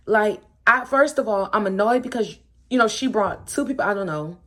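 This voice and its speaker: A young woman tells a story in a loose, chatty way. She sounds exasperated, her voice jumping up whenever she acts out what people said. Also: brisk. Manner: animated, exasperated, acts out quotes with swings in pitch. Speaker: storytime vlogger. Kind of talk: casual storytelling to camera.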